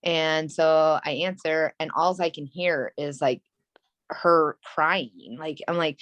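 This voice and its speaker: A woman in her thirties, guesting in an interview, candidly tells a personal story in a rambling, earnest and emotional way, full of "like" and "you know." Her low-pitched voice stays steady at a measured pace, with no room sound.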